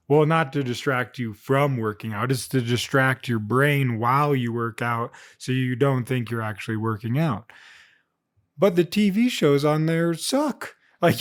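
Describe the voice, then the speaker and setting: Vlog host, male, mid-pitched, rambling and jokey, dry close mic. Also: no echo. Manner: rambling, jokey, animated storytelling with little voiced asides. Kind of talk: casual unscripted monologue.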